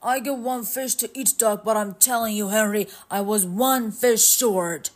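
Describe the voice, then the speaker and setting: A woman reading a storybook aloud and voicing an uneasy, rough-spoken male frontier trapper with plain, slangy grammar. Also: medium pitch, unhurried, close to an everyday voice.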